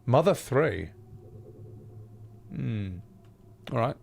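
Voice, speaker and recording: A man's voice: medium pitch, animated, extremely slow, creaky, a little mellow. A man streaming a game, rambling and self-deprecating in casual commentary. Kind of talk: casual gameplay commentary with voice acting.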